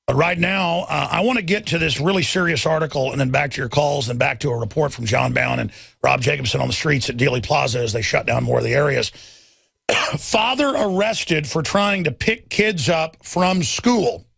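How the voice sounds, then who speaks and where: Angry talk radio guy, gravelly and loud, ranting hard. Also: on the high side, normal speed, no room sound, clean studio sound. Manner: angry, shouting, emphatic. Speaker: radio host.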